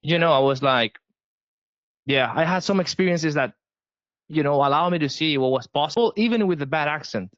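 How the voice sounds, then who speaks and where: A man with a Spanish accent speaks in an emphatic, restarting way, pitched somewhat high. The sound is dry and close, with no room around him. The audio is a little dull and lo-fi. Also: animated, normal speed, a bit bright, no room sound. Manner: emphatic, repeats words when restarting. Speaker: sales guest. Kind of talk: casual interview.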